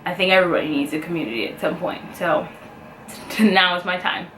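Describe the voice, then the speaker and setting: A woman speaking to camera in a personal vlog, emotional and heartfelt, pausing often as she talks. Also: on the low side, fairly bright tone. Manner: emotional, heartfelt, halting with pauses. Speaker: vlogger. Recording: echoey room with faint ambient noise.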